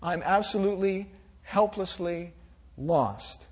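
A male pastor preaching a sermon in a gentle, reflective way, with small restarts as he speaks. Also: high-pitched, animated, slow, breathy edge.

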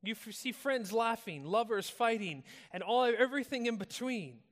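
An American man preaching a sermon in a relaxed, conversational storytelling manner, telling stories casually. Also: extremely high pitch, normal speed. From United States. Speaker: pastor. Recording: long reverb of a large hall.

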